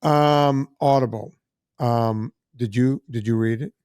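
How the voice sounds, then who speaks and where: A man's voice: mid-range voice, steady tone, takes it slowly, a little mellow, clean tone, no room sound, studio quality. A man hosting a podcast, wrapping up casually with chatty plugs. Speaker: podcast host.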